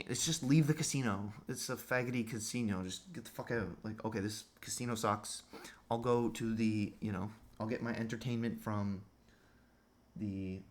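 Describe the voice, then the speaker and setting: A man's voice: lowish voice, normal speed. A man delivering a crude, sarcastic monologue rant as a vlogger.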